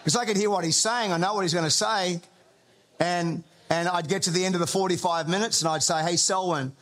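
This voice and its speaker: Male pastor, slightly high voice, chatty and humorous sermon delivery. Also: steady tone, brisk, a bit bright. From Australia. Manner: conversational storytelling with humour.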